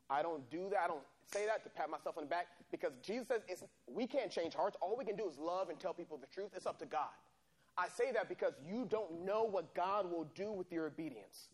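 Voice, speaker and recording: Man, preacher, sermon, animated storytelling, fairly high voice. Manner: animated storytelling, acting out scenes.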